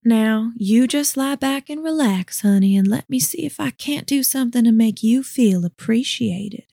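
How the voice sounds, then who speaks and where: A woman's voice: a little high, moderate pace, creaky, no room sound, studio quality. A woman playing a sultry, coaxing seductress. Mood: seductive. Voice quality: soft and sultry, calls him honey and sugar. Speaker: voice actor. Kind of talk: audio drama acting.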